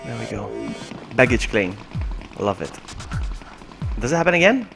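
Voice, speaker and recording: Excitable man with a lively voice. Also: medium pitch, normal speed, creaky, over music. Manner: excitable, swings from mutters to loud yelps. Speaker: streamer. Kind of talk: live gameplay commentary.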